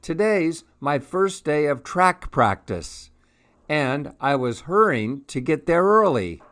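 Man doing a bright young cheetah girl. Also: a little high, sing-song, slow, voice pushed up, full character voice. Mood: cheerful. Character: friendly young female cheetah, sporty.

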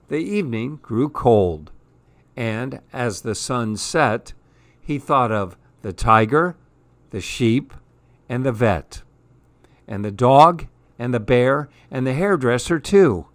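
A man reads a rhyming children's story aloud, slow and measured, keeping the rhythm of the verse. His voice sits in a middle pitch, dry and close with no room sound. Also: animated, dry recording. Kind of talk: reading a rhyming picture book aloud.

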